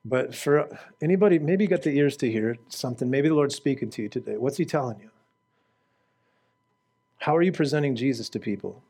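A male preacher giving a fervent sermon to a congregation. He asks the audience direct questions and swings from shouting to quiet prayer. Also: mid-range voice, lively intonation, a little fast, long pauses.

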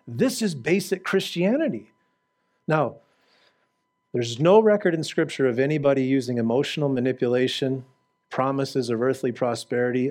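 A male preacher giving a fervent sermon to a congregation. He asks the audience direct questions and swings from shouting to quiet prayer. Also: medium pitch.

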